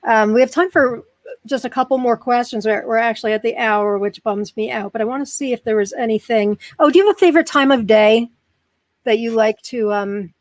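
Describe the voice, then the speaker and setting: A woman's voice: on the high side, fairly quick, dry recording. An American woman hosting a live interview, bubbly and self-deprecating, laughing often and using many fillers. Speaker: host. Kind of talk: live-stream interview chat.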